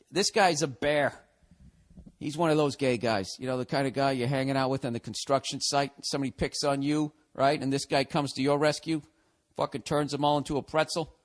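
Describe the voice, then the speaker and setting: A man in his forties from the United States, hosting a podcast, reading a listener's email aloud and ranting back at it in a profane, sarcastic way. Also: on the high side. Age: 40s. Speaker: podcast host.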